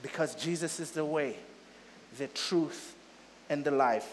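A male pastor delivers a sermon in a notably high voice, hammering home repeated phrases. He swells to loud, urgent peaks and then drops back to a softer, lower delivery. The sound carries a long reverb tail, as in a large hall. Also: unhurried, long pauses.

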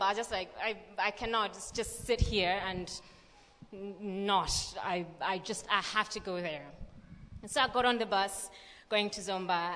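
A young woman reading scripture and then telling a lively personal story with many fillers at a church gathering. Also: on the high side. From Malawi. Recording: long reverb of a large hall.

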